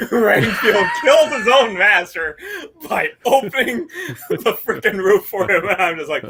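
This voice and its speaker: A man's voice: high voice, slow pace. A man who is a guest filmmaker, chatting about a movie, giggling and acting out scenes. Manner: animated, giggly, acts out scenes. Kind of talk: casual movie review chat.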